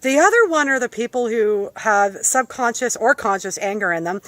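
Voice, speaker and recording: Woman, voice coach, slightly high voice, dry close mic, playful demonstrations, casual lesson. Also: expressive, moderate pace, fairly bright tone, no echo. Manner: demonstrates voice qualities with playful imitations and laughs.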